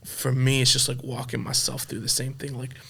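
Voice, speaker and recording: A man in his thirties, a pastor and podcast guest, telling a personal story in a soft-spoken, halting way with many restarts, emotional and choked up. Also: medium pitch, monotone, vocal fry, breathy edge. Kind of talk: candid conversational storytelling.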